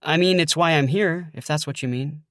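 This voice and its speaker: A man's voice: on the high side, normal speed, a bit bright, dry recording, clean studio sound, natural voice. A man voicing a casual, offhand teenage girl in an audiobook.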